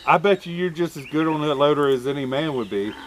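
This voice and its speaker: A man's voice: on the high side, expressive, quick pace, a crowd in the background. A man chatting and asking questions as the interviewer. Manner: chatty, encouraging. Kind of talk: casual interview.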